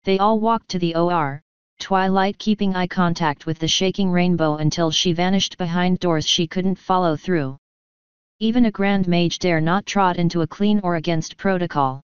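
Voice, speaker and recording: A woman narrating a story in a measured, even way. Her voice sits low and comes across very clean and smooth. The recording is close and dry, with a dull, lo-fi sound. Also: no room sound. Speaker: fanfiction reader.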